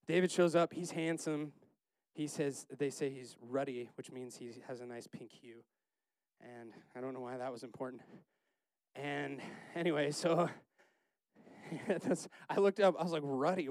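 A man leading a casual Bible study, chatty and laughing, acting out the characters in quick asides. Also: medium pitch, darkish tone, clean tone, dry recording.

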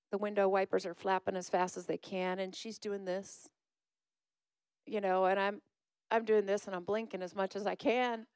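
A woman's voice: medium pitch, a little mellow, clean tone, no echo. A middle-aged woman pastor, telling a story in a chatty, laughing sermon.

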